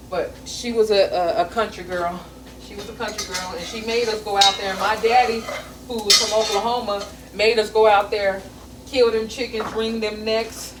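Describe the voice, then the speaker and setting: A woman's voice: mid-range voice, fairly even intonation, moderate pace, a little hiss or hum. A middle-aged woman chatting casually while she cooks at home, earthy and a little profane, drifting into stories. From American South. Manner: chatty, earthy and profane, with folksy grammar and storytelling tangents. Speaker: home cook vlogger. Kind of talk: casual cooking vlog chat. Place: home kitchen. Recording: echoey kitchen, mic at a distance, sizzling pan.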